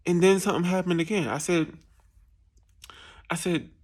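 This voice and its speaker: A man from New Jersey, USA, who makes travel vlogs speaks at normal speed in a high, slightly mellow voice. His stories are casual and self-mocking, with frequent laughter and put-on voices for the people he mentions.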